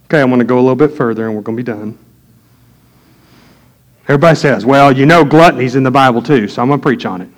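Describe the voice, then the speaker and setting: A man's voice: medium pitch, fast talker, long pauses. A middle-aged man, a pastor preaching a sermon to his congregation in a folksy storytelling way.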